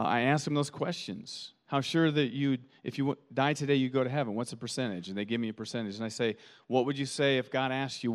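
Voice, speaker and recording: A middle-aged man preaching a sermon as pastor, building from calm teaching to animated rhetorical questions. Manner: rising to animated, high-pitched rhetorical questions.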